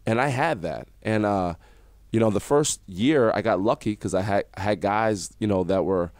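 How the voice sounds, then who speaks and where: A man, a former basketball coach, guest on a radio interview, telling animated stories and acting out what people said to him. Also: fairly low pitch, normal speed, no room sound, clean studio sound. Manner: animated storyteller acting out quotes. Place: radio studio.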